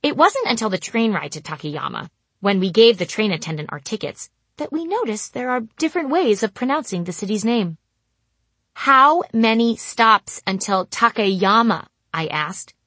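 Husky woman narrating dry comic tale. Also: medium pitch, dry recording. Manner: deadpan, dry comic delivery. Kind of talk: comic first-person storytelling.

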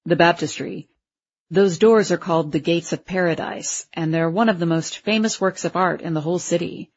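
A woman's voice: lowish voice, normal speed, breathy edge, muffled recording, voice pushed down. A woman doing an easygoing grown father. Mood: explaining. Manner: informative, easygoing explaining. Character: friendly grown man, a father, tour guide.

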